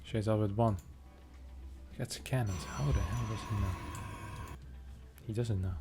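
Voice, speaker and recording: A man casting a strategy game match in a chatty, joking way, reacting fast to the play. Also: on the low side, steady tone, over loud music. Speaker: esports caster. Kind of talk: casual game commentary.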